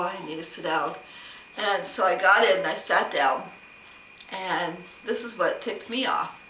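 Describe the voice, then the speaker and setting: A woman with a bright, sharp voice rambles through a story of being slighted, replaying every exchange. She sits back from the mic in an echoey room, and faint ambient noise runs under her. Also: fairly low pitch, recorded from a distance. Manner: rambling, aggrieved retelling with many quoted exchanges. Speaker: vlogger. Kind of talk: casual personal storytelling vlog.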